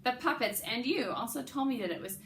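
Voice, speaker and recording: A woman's voice: on the high side, lively intonation, a little fast, roomy sound, slight background noise. A woman music teacher singing rhythm syllables and explaining them to children in a lesson. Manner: sings rhythm syllables, speaks in a warm coaxing teacher voice to children. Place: classroom with a board.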